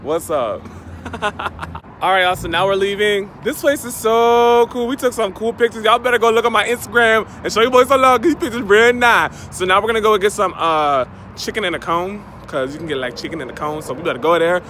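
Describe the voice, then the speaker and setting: An upbeat young man chats to his viewers in loose slang as he vlogs through a city. His voice sits fairly high. Traffic and street noise are loud around him. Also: fairly quick. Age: young adult. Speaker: travel vlogger. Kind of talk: casual vlog chat. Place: outdoors in a city. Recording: noisy outdoor street sound.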